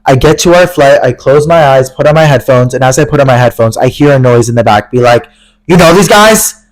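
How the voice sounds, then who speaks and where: Fast-talking young man telling a story. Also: medium pitch, low-quality recording. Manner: animated storytelling, heavy use of "like" and "literally". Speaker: podcast co-host. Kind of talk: casual chat.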